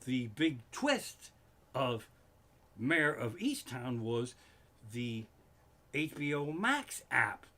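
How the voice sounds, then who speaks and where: A man hosting a comedy livestream from his living room, telling a profane story that keeps flaring into loud, swearing outbursts. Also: fairly high pitch.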